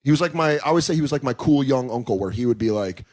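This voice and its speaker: A comedian in his thirties, guesting on a podcast, tells candid stories packed with swearing and acted-out quotes in different voices. He speaks at medium pitch, racing along with hardly any pauses.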